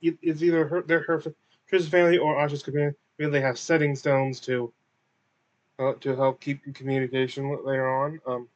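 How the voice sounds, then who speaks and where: A man recapping a tabletop game in a casual, halting way, often correcting himself. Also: mid-range voice, little pitch movement, muffled recording. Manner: halting, many fillers and self-corrections. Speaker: recap host.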